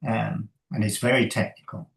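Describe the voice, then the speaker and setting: A man, a coach and interview guest, talking thoughtfully in a halting way with many fillers and soft laughs. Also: lowish voice, fairly even intonation, vocal fry, poor audio. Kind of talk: conversational interview.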